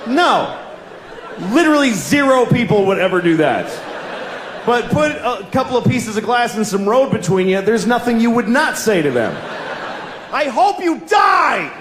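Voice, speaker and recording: Middle-aged male stand-up comic, self-deprecating and rambling, high lively voice in a roomy venue. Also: normal speed. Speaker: stand-up comedian. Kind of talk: stand-up comedy set. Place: live stage before an audience. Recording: roomy live venue with crowd noise.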